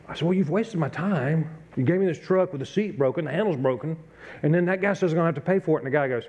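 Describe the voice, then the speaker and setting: Middle-aged pastor guy telling a story in his sermon, kinda high voice, muffled recording. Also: lively intonation, fast talker, darkish tone. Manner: folksy and self-deprecating, acts out his own frustration.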